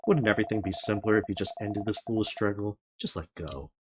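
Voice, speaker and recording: A man's voice: fairly low pitch, a little fast, background noise, close to an everyday voice. A man doing a pompous villain sorcerer. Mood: coaxing. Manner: pompous, commanding. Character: scheming grandiose male villain sorcerer. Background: game music.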